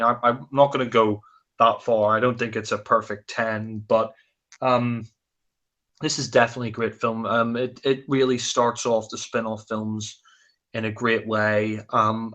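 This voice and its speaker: A man's voice: medium pitch, sharp tone. A man co-hosting a casual film review chat, rambling with lots of fillers and restarts.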